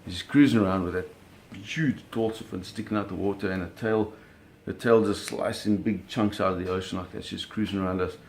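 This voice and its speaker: A middle-aged man with a slightly low voice tells a story in a casual, spoken way. He is animated, and he punctuates it with sound effects and acted-out quotes. Pace and energy surge and drop as he talks. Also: a little fast, few pauses. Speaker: storyteller recounting a fishing trip.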